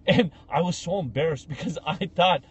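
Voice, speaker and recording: Husky man telling lively stories. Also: a little high, moderate pace. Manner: animated, acts out people in his stories. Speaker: podcast host. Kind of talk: casual storytelling chat.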